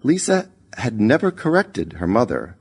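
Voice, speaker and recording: A man narrating a short story in a measured, expressive reading. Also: mid-range voice, breathy edge.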